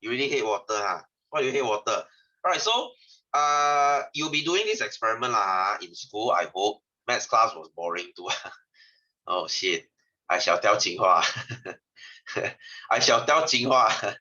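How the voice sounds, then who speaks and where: A Singaporean man tutors science over a video call, his voice very bright and forceful. He jumps up and down in pitch as he chats and teases his students. The audio is dull and lo-fi. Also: expressive, normal speed. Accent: Singaporean English. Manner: chatty, teasing students, sentence-final lah. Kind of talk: online class lesson.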